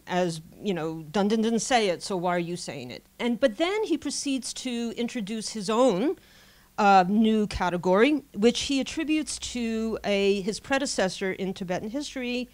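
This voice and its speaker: A woman giving an academic conference lecture, speaking in a measured scholarly way with frequent pauses and self-corrections. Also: medium pitch.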